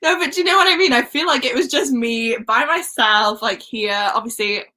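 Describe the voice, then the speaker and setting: A woman's voice: on the high side, moderate pace, pushed and bright, poor audio. A young woman with a Welsh accent hosting a casual book livestream, giggling and chatting as she reads out viewer comments. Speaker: book channel host.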